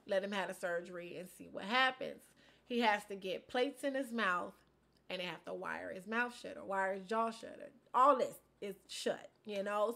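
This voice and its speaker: A young woman vlogger, from Inglewood, telling a casual life update in an animated, slangy way, with loud outbursts and low asides. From Inglewood, California.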